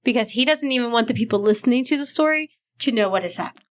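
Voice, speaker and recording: A woman hosts a casual library book podcast with a fairly high voice. She talks with real enthusiasm and laughs easily as she recommends favorites. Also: expressive, fast. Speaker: podcast host.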